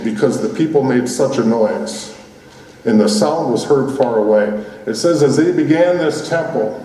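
A man preaches in a casual, talky way, stopping to restart his thoughts and leaning on fillers. His voice is mellow and dark-toned, sitting at an ordinary pitch. The sound is distant, with a long reverb tail from a big hall. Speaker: pastor. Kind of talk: sermon. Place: church building that used to be a gym. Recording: roomy hall from far off.

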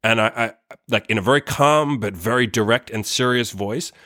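A man's voice: mid-range voice, normal speed, sharp tone, no echo, clean studio sound. A young man telling a personal story to camera in a rambling, profane way, full of fillers and tag questions. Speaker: vlogger.

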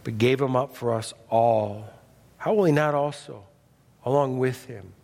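A man preaching a sermon as pastor, folksy and animated, dropping from loud emphasis to hushed intensity. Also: mid-range voice, unhurried, vocal fry, long reverb tail. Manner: folksy, humorous asides.

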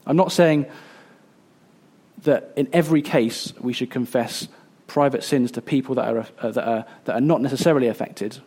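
A man in his thirties preaching a sermon, earnest and a little halting, with fillers and restarts. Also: mid-range voice, a little mellow, slightly rough. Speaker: pastor.

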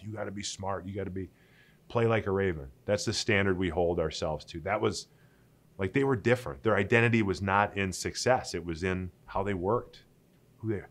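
A former pro athlete in his forties telling stories in an interview, lively and acting out the people he quotes. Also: low-pitched. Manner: animated, laughing, acting out quoted dialogue. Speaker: interview guest, former pro football player. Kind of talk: conversational storytelling.

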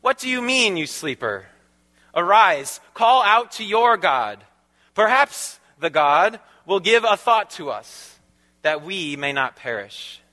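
A frantic male ship captain, as a preacher acts him out, urges and pleads in a bright, forceful voice. The voice sits fairly high for a man. It rings with the long echo of a big hall. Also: measured pace. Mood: urgent. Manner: urgent, pleading. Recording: long reverb of a large hall.

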